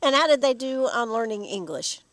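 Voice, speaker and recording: A woman's voice: a little high, animated, brisk, dry recording. A woman hosting a casual interview, asking questions in a hesitant way with many fillers. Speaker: interviewer, host.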